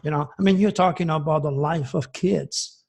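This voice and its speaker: A man in his sixties from France, giving an agitated, preachy monologue that swings from loud outbursts to hushed asides. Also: fairly high pitch, normal speed, creaky. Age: 60s. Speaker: astrologer host. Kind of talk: impassioned monologue.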